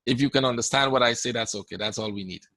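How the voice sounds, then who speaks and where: Fielding questions in a live trading webinar Q&A, a Guyanese-accented man keeps things conversational and frequently adds "right?". His mid-range voice is fast, pushed and bright, recorded without echo.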